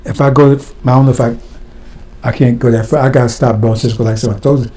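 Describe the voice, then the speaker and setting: A man's voice: mid-range voice, steady tone, fairly quick, dark tone. A man preaching a fiery sermon, blunt and impassioned, firing rhetorical questions at his listeners.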